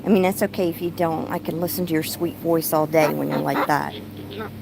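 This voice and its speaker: A woman's voice: deep voice, fairly even intonation, a little fast, creaky, heavy background noise. A middle-aged woman telling stories in a casual vlog, chatty and breaking off to talk to her pet bird. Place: rural home, outdoors.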